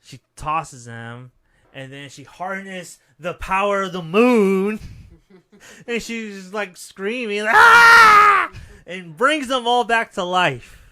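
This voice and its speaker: Forceful, crisp-voiced man cursing freely. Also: high-pitched, takes it slowly. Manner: profane, loose storytelling with many fillers. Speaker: podcast co-host. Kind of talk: casual horror movie recap.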